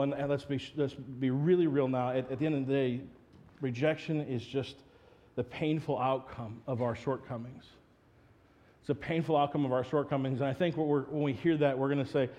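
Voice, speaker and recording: A man's voice: mid-range voice, mellow, lo-fi sound. A man preaches a sermon in a mid-range voice. He tells funny family stories and then turns earnest and direct with his listeners. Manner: humorous storytelling, then earnest teaching. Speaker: pastor.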